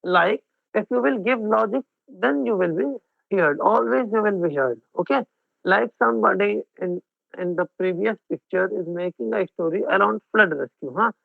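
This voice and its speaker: A gravelly, high-sitting male voice at normal speed delivers an online exam-prep lecture in Indian English. He mixes in Hindi and regularly checks whether his students are following, and the dry audio has a narrow, phone-like band and no room sound.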